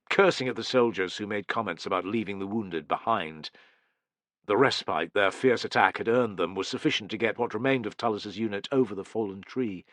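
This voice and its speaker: Brief: male audiobook narrator, steady dramatic read, bright tone. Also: fairly low pitch, dry recording.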